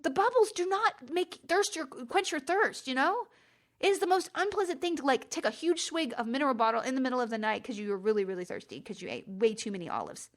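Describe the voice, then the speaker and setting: A middle-aged woman hosting a podcast, telling a travel story in a chatty, exasperated way and jumping up in pitch for emphasis. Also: expressive, fast talker. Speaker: podcast host. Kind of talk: casual storytelling monologue.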